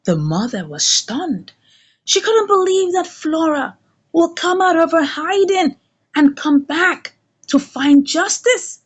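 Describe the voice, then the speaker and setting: A woman casually recapping a comedy series episode, storytelling in an animated way. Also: very high voice, slow. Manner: animated storytelling, acts out dialogue. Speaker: series reviewer.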